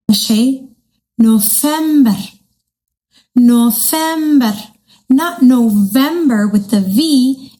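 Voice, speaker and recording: A high-voiced woman leads a bilingual lesson for toddlers. She talks slowly and in a sing-song way, as if greeting each small child. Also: warm tone, poor audio. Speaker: children's teacher.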